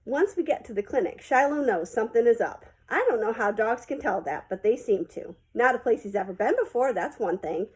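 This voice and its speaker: A woman's voice: on the high side, expressive, brisk, few pauses, a little mellow, slightly rough, low-quality recording. A woman reading a children's novel aloud, narrating in a plain, folksy first-person way. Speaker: audiobook reader.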